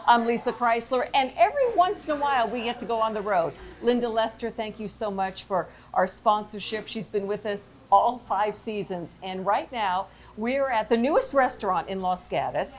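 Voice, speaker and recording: An older woman hosting a local TV show, interviewing a guest on location in a busy restaurant, bubbly and quick to laugh. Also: fairly high pitch. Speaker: TV show host. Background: diners chatting and laughing.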